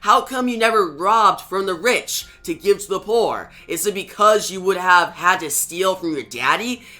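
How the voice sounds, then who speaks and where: A man's voice: high-pitched, animated, moderate pace, pushed and bright, soft background music. A teasing mercenary woman, read out by a man.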